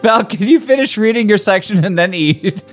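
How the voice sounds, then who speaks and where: A man with a high, animated voice hosts a reading show and cues up the readers. He trades dry quips in casual banter, with faint music under him. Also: normal speed. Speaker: host.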